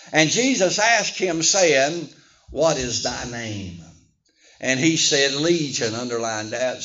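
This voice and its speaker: A man's voice: a little high, a bit bright. A man preaching a sermon as pastor, emphatic and calling on the congregation to answer back. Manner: emphatic call-and-response preaching. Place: church. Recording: echoey dull church sound.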